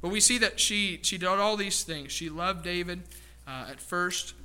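A man's voice: sits high, normal speed, sharp tone, clear, resonant tone. A man preaching a sermon in a church, emphatic and addressing the congregation directly as folks. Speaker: pastor.

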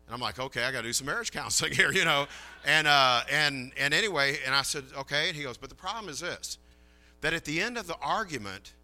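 A man's voice: mid-range voice, lively intonation, a little fast, sharp tone. A man preaching a sermon in a folksy, chatty way, telling a story and acting out the dialogue.

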